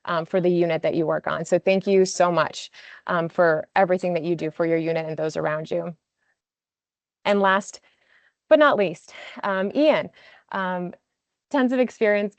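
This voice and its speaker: A woman's voice: fairly low pitch, no room sound. Emotional woman presenting awards on a call. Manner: emotional, filler-heavy, warm praise with frequent "um". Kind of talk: video call award announcement. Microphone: video call.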